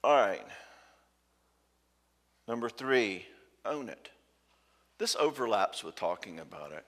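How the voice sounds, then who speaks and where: A man's voice: fairly low pitch, sing-song, slow pace, a bit bright. A man giving a conversational talk at a marriage conference, acting out quoted dialogue and checking in with the audience. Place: church hall. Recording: hall reverb from a church hall.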